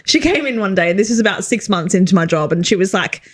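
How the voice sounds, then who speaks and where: A woman's voice: mid-range voice, lively intonation, quick pace. A young woman, co-hosting a podcast, telling stories and laughing often in casual chat. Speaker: podcast co-host.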